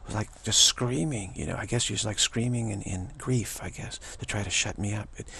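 A man giving a rambling spiritual monologue, halting and repetitive, sometimes dropping to a whisper. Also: fairly low pitch, creaky, bright, forceful tone, slight background noise. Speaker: spiritual vlogger.

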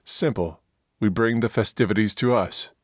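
A man voicing a gruff, bullying male dwarf priest in an audiobook, scornful and pompous. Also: lowish voice, normal speed, dry recording, studio quality, pitched above the performer's own voice, close to an everyday voice. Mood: boisterous.

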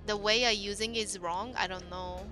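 With a mid-range, steady voice that is bright and forceful, she talks at a moderate pace over soft background music. This is casual gameplay commentary from a Japanese-accented woman reacting to chat in simple English and to events on screen.

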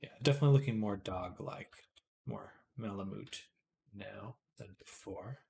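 A man live-streaming, quietly talking himself through 3D modeling work, sometimes dropping to soft whispered asides and getting chattier and amused when he answers chat. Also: fairly low pitch, moderate pace, gravelly. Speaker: livestreamer. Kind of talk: casual live-stream commentary while 3D modeling.

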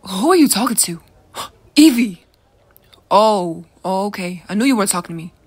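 A woman's voice: medium pitch, animated, moderate pace, darkish tone, breathy edge, dry recording. A woman voicing an easygoing teenage boy in an audio role-play, speaking casually. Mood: surprised.

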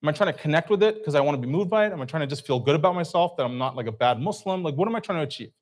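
A man's voice: on the high side, expressive, very fast. A man giving an informal religious talk to a live audience, conversational, asking the crowd questions and acting out reactions. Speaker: speaker at a community talk. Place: event hall.

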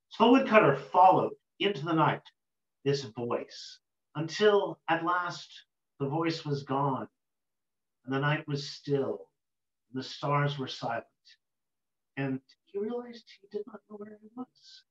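A man's voice: on the high side, very animated, slow. Male storyteller, roomy lo-fi sound. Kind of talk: oral folk-tale storytelling. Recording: roomy dull lo-fi recording.

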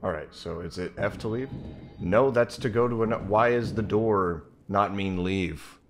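Young man, congested, slightly low voice, casual gameplay chatter, jumpy reactions. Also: unhurried, music in the background. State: congested, stuffy nose. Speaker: let's play gamer.

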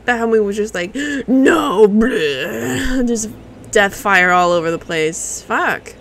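A woman's voice: medium pitch, normal speed, fairly bright tone, slight background noise, low-quality recording. A woman livestreaming a video game, reacting with curses and chatting to her viewers. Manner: profane, reactive, talks to chat. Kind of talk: casual live gameplay commentary.

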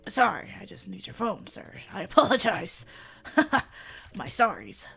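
A woman's voice: mid-range voice, normal speed, vocal fry, a bit bright, husky, faint music behind. A woman streaming a video game, joking around with theatrical mock pleading and giggles. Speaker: gaming streamer. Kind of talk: playful let's-play commentary.

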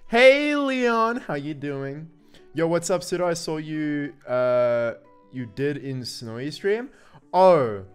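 An excitable man talking to viewers on a live stream. His voice sits a little high and swings widely in pitch, and he takes his time between bursts. Faint music loops quietly behind him. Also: slow, smooth. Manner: excitable, laughs often, jumps between loud yelps and mumbles. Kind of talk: casual live-stream chat, greeting viewers. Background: faint looping music.

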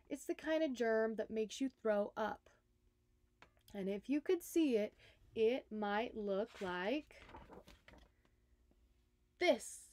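A woman, a nurse, reading a children's picture book aloud, expressive and speaking directly to young listeners. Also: fairly high pitch, dry recording. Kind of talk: storybook read-aloud for children.

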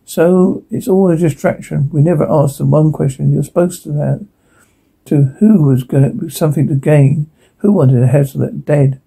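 An actor playing a blunt, cynical male police detective who swears and reasons out loud in a TV drama. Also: on the high side, moderate pace, gravelly, breathy edge, heavily acted, poor audio. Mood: determined. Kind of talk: TV drama dialogue.

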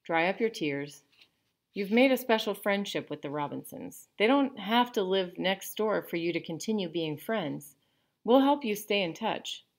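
A woman's voice: medium pitch, lively intonation, a little slow, pitched above the performer's own voice. Woman reading a firm, stern father. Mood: reassuring. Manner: firm, scolding, then gently reassuring. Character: stern but loving 1940s father. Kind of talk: reading a novel aloud.

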